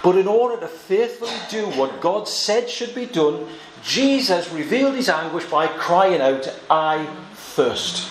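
A man's voice: high-pitched, lively intonation, moderate pace, few pauses. Earnest preacher man in an echoey room. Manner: earnest, swinging from quiet scripture reading to emphatic exclamations. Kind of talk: expository Bible sermon. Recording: echoey room with faint ambient noise.

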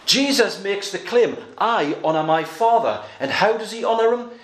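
A man preaching a sermon, earnest and emphatic, slowing down to stress quoted verses. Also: high voice, lively intonation, echoey room.

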